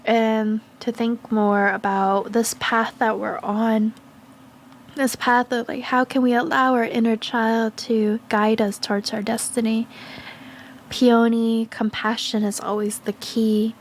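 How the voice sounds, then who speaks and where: A woman giving a gentle, slow spiritual card reading, speaking in soft, affirming phrases with pauses and fillers. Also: on the high side, flat delivery, a little hiss or hum. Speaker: tarot and oracle card reader.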